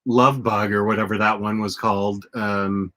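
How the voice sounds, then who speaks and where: Male host, casual chatter, bright forceful tone, rambly delivery. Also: on the low side, flat delivery, normal speed. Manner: rambling, lots of restarts and fillers. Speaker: podcast host. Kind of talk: casual chat.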